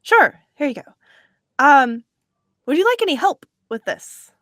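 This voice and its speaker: A high, bright voice of an eager young adventurer woman, as a man puts her on in a tabletop role-play. She is over-polite and a little hesitant, and her pitch leaps about in a dry, close sound. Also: very animated, a little slow, no echo, heavily acted. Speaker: tabletop player.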